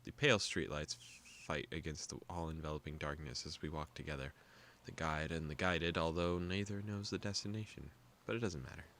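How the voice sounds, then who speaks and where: A young man hosting a gaming video, calmly reading a visual novel aloud with joking asides. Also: a bass voice, fairly quick, hardly any pauses, a little hiss or hum.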